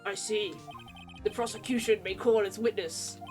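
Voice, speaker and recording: A woman reading as a calm formal judge. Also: medium pitch, faint music behind, lightly acted. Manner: measured, formal. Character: stern calm older male judge.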